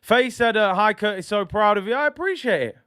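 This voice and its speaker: Young man, football watch-along host, excitable, high voice, dry sound. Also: a little fast, smooth, no echo. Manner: excitable, banters with chat, shouts at big moments. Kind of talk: live match reaction chat.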